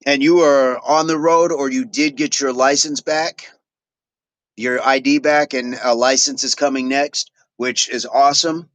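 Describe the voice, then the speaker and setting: A man's voice: medium pitch, fairly even intonation, a little slow, fairly bright tone, no echo. A middle-aged man hosting a fitness livestream, chatting casually with viewers and repeating affirmations as he reads their comments.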